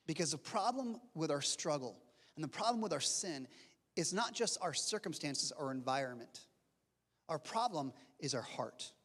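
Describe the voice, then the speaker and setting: A man in his forties preaching a sermon as pastor, telling a story with lively asides and frequent restarts. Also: high-pitched. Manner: animated storytelling with repeated restarts and playful asides. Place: church sanctuary. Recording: long reverb of a church hall.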